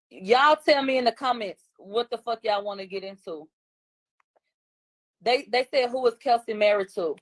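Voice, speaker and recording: A woman's voice: mid-range voice, no room sound. A woman, a guest commentator on a livestream, talking bluntly and combatively in casual chat.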